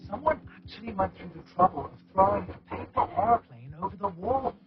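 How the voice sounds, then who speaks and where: Dull lo-fi game audio over music carries an actor's high, very animated and fairly quick voice. He plays a gloomy, self-loathing young man who talks sarcastically and often mutters to himself.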